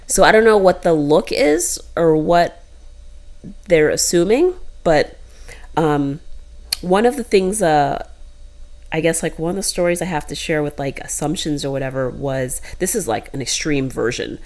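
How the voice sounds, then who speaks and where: A woman with a lowish voice chatting casually as a co-host. She tells stories in animated bursts, jumping her voice up when she quotes other people. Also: normal speed. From United States. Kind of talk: casual chat.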